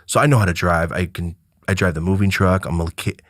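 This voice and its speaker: A man in his thirties from Oregon, telling a profane, animated story as a podcast guest. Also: low voice, fairly quick, no echo, studio quality. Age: 30s. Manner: animated, profane, breaks into loud excited outbursts.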